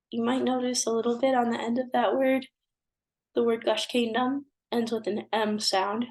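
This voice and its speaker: A woman with a stuffy nose teaching a language lesson, patiently repeating each phrase and translating it. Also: fairly high pitch. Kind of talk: language lesson, slow repetition drills.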